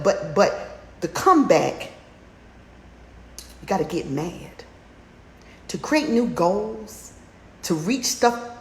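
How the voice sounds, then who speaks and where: A woman coaching a women's challenge in a motivational livestream talk, urging listeners on with fiery, repetitive exhortations that climb to near-shouts. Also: lowish voice. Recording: roomy echo with faint background noise.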